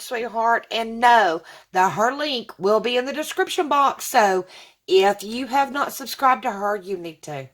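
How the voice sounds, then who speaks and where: A woman's voice: high-pitched, fairly bright tone. A woman, gushing as she unboxes gifts in a casual vlog. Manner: gushing and effusive, says y'all. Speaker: vlogger.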